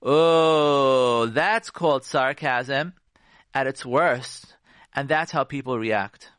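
A man's voice: mid-range voice, slow, dry recording, clean studio sound. A man, a rabbi, giving marriage advice on the radio, acting out conversations and asking listeners questions. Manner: animated, acts out conversations and asks the listeners questions. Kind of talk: radio talk.

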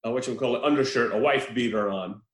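A man in casual chat, retelling a film with animated, profane storytelling and acted-out lines. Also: medium pitch, racing, echoey room, poor audio.

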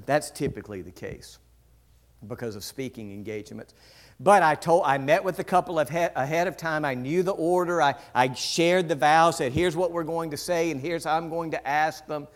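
A man, preaching a sermon that is full of stories, and acting out the quoted voices with big shifts in pitch. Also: moderate pace. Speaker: pastor. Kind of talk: sermon with storytelling.

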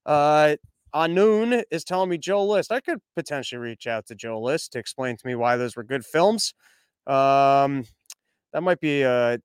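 Young male podcast host, sarcastic and mocking, clear higher voice, dry close-mic sound. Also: no room sound. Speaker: news commentary host. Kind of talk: sarcastic news commentary with ad reads.

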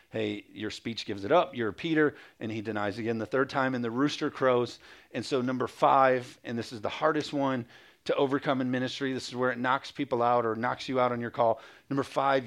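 A male pastor preaching a sermon, reading scripture aloud and calling for amens, with quick mocking asides. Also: mid-range voice.

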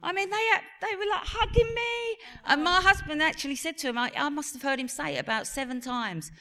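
A woman in her forties with an English accent telling a lively family story on stage, acting out the voices of her sons. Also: high voice, brisk. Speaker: actress on a reunion panel. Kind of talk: live stage Q&A anecdote. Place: cinema venue on stage.

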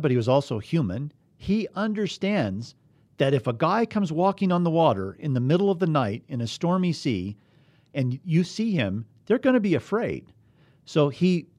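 A man's voice: fairly high pitch, a little mellow, no echo. A man teaching a bible study, reading scripture aloud and asking his listeners earnest, emphatic questions.

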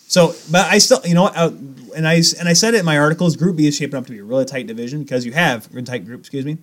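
A man's voice: on the high side, very fast. A man co-hosting a podcast, rambling in casual chat with restarts and self-corrections. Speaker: podcast co-host.

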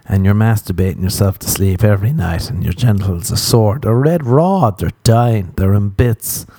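A man's voice: on the low side, normal speed, warm tone, husky, no echo. A man talking in a casual comedic monologue, rambling and self-mocking, swearing constantly as he drifts between asides.

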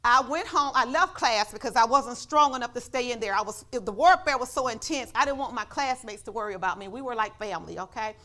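A woman pastor preaching a sermon in church, telling a personal story and building up to shouts of praise. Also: a little high, fairly quick, few pauses.

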